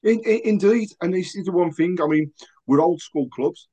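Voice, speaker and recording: A man's voice: high-pitched, normal speed, warm tone. A man guesting on a football podcast, earnest and agreeable in casual chat.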